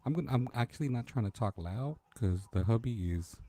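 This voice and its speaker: A man's voice: medium pitch, lively intonation, brisk, warm tone. A man hosting a casual late-night livestream from home, chatting in a laid-back way and greeting viewers by name. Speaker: livestream host.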